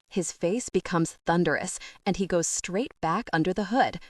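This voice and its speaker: A woman with a lowish voice reads a first-person romance audiobook, lending each scene expressive colour. The recording is dry yet sits a little back from the mic. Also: moderate pace, no echo, far from the mic. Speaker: audiobook narrator.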